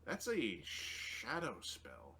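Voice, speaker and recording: A man's voice: medium pitch, wildly swooping pitch, drawn-out words, gravelly, pushed and bright, a little hiss or hum. A man playing in a tabletop game, making wry, joking remarks in casual chat. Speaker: player.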